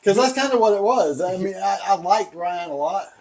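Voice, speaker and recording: A man's voice: high-pitched, lively intonation, brisk, a crowd in the background. A man with a Southern accent, co-hosting a casual tasting chat and telling rambling stories with frequent laughter. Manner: rambling storyteller, laughs often. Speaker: podcast co-host.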